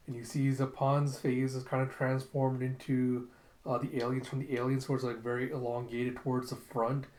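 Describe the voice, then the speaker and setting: A man retells a comic chapter by chapter in an animated, casual way. His voice sits at an ordinary pitch for a man. The recording has a roomy echo. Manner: animated retelling, lots of "and she's like". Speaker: comic reviewer.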